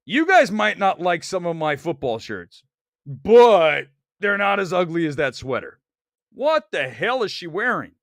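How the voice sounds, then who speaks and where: Excitable male stream host, lively, jokey ranting, somewhat high voice, dry close sound. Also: unhurried, creaky, no room sound. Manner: loud, excitable, jokey rants. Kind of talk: casual live-stream chat. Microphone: desk mic.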